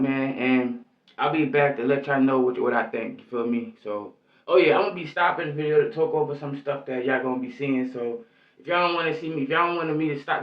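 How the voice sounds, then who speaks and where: A man giving angry, rambling vlog commentary in heavy street slang, cursing constantly. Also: mid-range voice. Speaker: YouTube commentator. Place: lives in New York. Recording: echoey, distant, muffled lo-fi sound.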